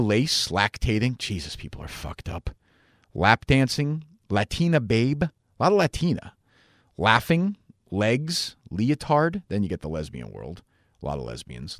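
A man's voice: no room sound, clean studio sound. A man hosting a podcast in a casual, rambling monologue, swearing freely as he answers listener mail. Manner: rambling and profane, with frequent fillers and wide swings in pitch. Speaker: podcast host.

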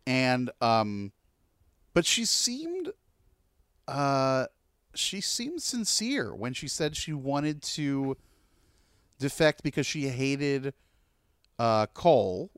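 Man, casual podcast chat, lively up-and-down pitch, dry close sound, rambling. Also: extremely slow, pauses often, smooth, dry recording. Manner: animated, rambling, lots of fillers. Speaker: podcast co-host. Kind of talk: casual chat about a TV episode.

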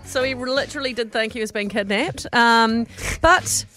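A woman's voice: a little high, moderate pace, pushed and bright, soft background music. A woman with a New Zealand accent co-hosting a radio show, chatting with callers and reading out listener texts. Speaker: radio co-host. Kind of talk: casual radio chat.

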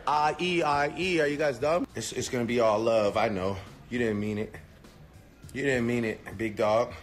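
A man's voice: mid-range voice, normal speed, soft background music. A man on a live video, boasting and teasing playfully.

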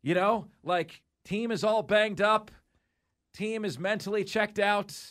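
A man's voice: sits high, slow, a bit bright. A man hosting a sports talk show, emphatically rattling off schedules with mock disbelief.

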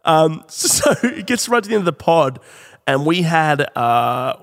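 A man, co-hosting a podcast and telling a long story in casual chat, laughing often and slipping into high girly voices for quotes. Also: big pitch swings, a little slow, big-room sound. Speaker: podcast co-host.

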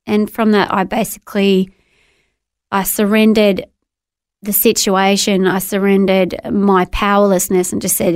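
Woman interview guest, earnest testimony, gravelly fry, dry close sound. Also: medium pitch, little pitch movement, measured pace, no room sound. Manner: earnest, heartfelt storytelling with frequent restarts.

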